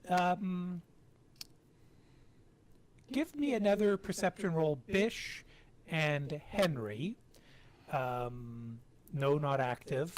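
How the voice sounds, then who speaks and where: A man's voice: fairly high pitch, slight background noise. A man running a tabletop role-playing game as game master, talking in a rambling, hesitant way with many fillers.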